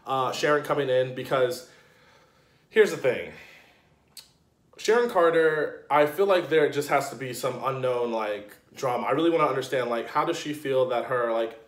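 A man giving a casual video review, ranting in an animated, indignant way with slang and lots of fillers. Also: medium pitch, roomy sound. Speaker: TV episode reviewer.

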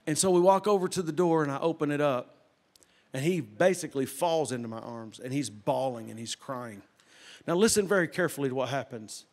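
A middle-aged man preaching a sermon as a folksy, animated storyteller who drops to a hush for quoted voices. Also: fairly high pitch, fast. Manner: folksy, animated, with loud sound effects and hushed quoted voices. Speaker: pastor.

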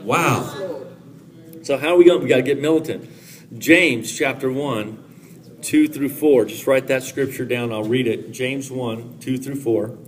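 A man preaching a lively, joking sermon at a church conference, laughing often and building to shouted prayer. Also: medium pitch, unhurried. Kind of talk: live charismatic sermon. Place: large church conference hall. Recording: live hall with audible congregation. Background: congregation calling out amens.

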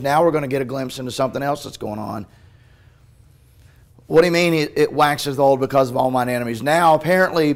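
Male pastor, fairly high voice, preaching with swings from soft to loud. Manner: impassioned preaching that swings from hushed to loud, with restarts. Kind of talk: sermon. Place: church sanctuary.

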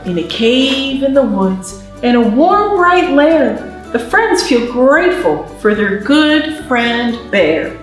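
With big swings in pitch and a high voice, the librarian moves slowly through a picture book, teaching babies and parents signs in sing-song storytime style. Faint music sits behind her, and the distant mic captures the roomy library's heavy echo.

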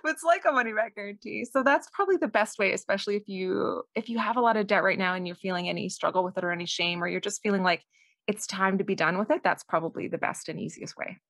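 A woman's voice: mid-range voice, fast, a bit bright, no room sound. Canadian woman author guest, self-deprecating and chatty, dry close sound. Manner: self-deprecating, laughs often, rambling. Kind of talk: casual interview chat.

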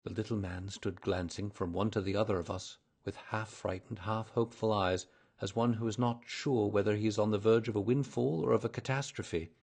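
Male narrator for a classic mystery, low and husky, measured delivery. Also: fairly even intonation, a little mellow. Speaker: storyteller. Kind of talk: scripted narration of a classic story.

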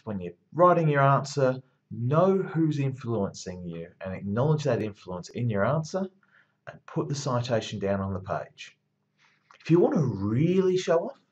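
A man's voice: medium pitch, dull audio. A man giving a recorded university lecture as a rousing, emphatic pep talk, repeating phrases for effect.

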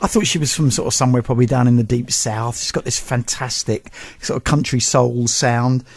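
A man's voice: brisk, vocal fry, no echo. A man presenting a casual radio interview in a studio, chatty and teasing. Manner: chatty, teasing, animated pitch.

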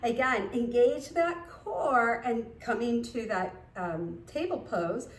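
A woman's voice: on the high side, expressive, slow, distant mic. A woman leading a baby yoga class, guiding parents through poses and breaking into sing-song baby talk and animal sounds. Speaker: yoga instructor. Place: yoga studio. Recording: echoey studio from off mic.

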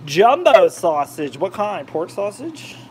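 A talkative man cooks in his home kitchen and rambles from one topic to the next. His voice sits a little higher than most men's. A faint hiss runs beneath the recording. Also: very animated, slow pace, a little mellow. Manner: rambling, chatty, drifts off topic. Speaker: cooking vlogger, channel host. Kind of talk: casual chat while cooking, reading viewer comments.

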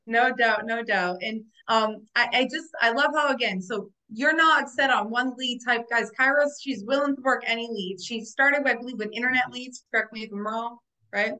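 A woman hosts a motivational agency call over video, speaking in a bright, forceful tone. Her voice sits a little high, and she coaches her listeners, checking in with "right?" after each point. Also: low-quality recording. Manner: upbeat, coaching, keeps asking "right?" and addressing "guys". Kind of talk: motivational interview chat.

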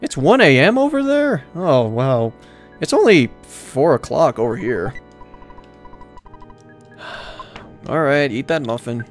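A man's voice: mid-range voice, big pitch swings, slow, pauses often, faint music behind. A man giving casual, joking live commentary while streaming a game, rambling and swearing now and then. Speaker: let's-play streamer.

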